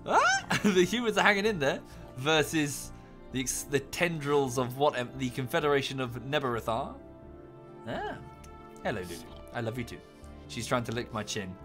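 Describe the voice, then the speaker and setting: A man thinking aloud at his desk mic as he plays a strategy game on a live stream. His talk is chatty and rambling, full of offhand asides, at a middling pitch with faint music underneath. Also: animated, moderate pace. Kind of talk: casual live-stream commentary.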